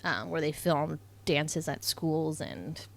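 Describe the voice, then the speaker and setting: A woman's voice: sits low, lively intonation, takes it slowly, gravelly. A young woman co-hosting a podcast, casually recapping a movie plot with lots of "like" and "um" and frequent swearing. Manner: chatty, swears freely, full of "like" and "um". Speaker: podcast co-host.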